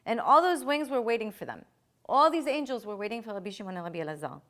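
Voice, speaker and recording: Woman teacher, fairly high voice, emphatic and repetitive, rhetorical questions to a class. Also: very animated, quick pace, fairly bright tone. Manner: emphatic, repeats key phrases, asks rhetorical questions. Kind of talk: lecturing a live class.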